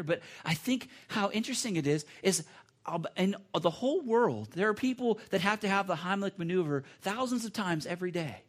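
Man preaching a sermon, slightly high voice. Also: sing-song, a little fast, a bit bright. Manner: earnest, conversational preaching with repetitions and restarts. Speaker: pastor.

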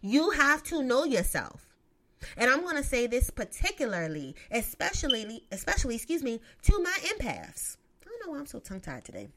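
Lively, sassy woman with a swooping voice. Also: sits high, normal speed, slight background noise. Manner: profane, emphatic, sassy asides. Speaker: vlogger giving relationship advice. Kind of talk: casual advice monologue.

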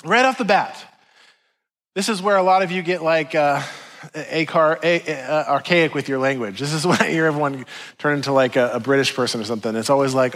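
Male pastor, fairly high voice, laid-back and self-deprecating delivery, conversational sermon. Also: animated, moderate pace, a bit bright. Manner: chatty, self-deprecating, many "like"s and asides.

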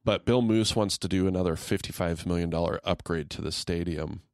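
A man's voice: sits low, fairly quick, creaky, a little mellow, dry recording, clean studio sound. A middle-aged man co-hosting a podcast in easygoing, rambling casual chat, laughing often. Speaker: podcast co-host.

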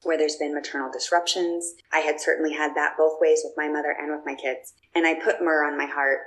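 A woman's voice: low voice, flat delivery, a little fast, a bit bright, poor audio. A woman guest telling personal stories in a casual, chatty way, with plenty of fillers and restarts. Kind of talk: casual storytelling.

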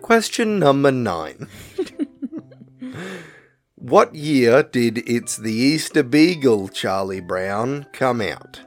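Male podcast co-host as quizmaster, lively swinging pitch, reads options slowly, chatty asides between questions. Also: soft background music. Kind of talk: casual podcast quiz, reading questions aloud.

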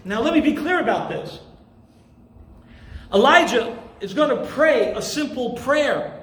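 A male pastor preaching a sermon with passion and emphasis, at times rising to shouts. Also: very high voice, echoey room.

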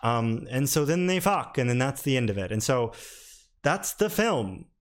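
A man's voice: medium pitch, very animated, normal speed, a little hiss or hum. A man giving a casual spoken film review, frank and rambling, with lots of restarts and a candidly critical, mildly exasperated tone.

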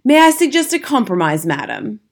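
A woman's voice: mid-range voice, sing-song, a little fast. A woman voicing a pompous, bristly male hotel manager in a storybook reading, stiff and formal. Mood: conceding.

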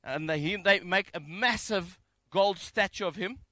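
Bright, high-voiced man preaching. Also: measured pace, no echo. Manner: conversational, jokey and animated. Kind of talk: sermon. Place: home, during isolation.

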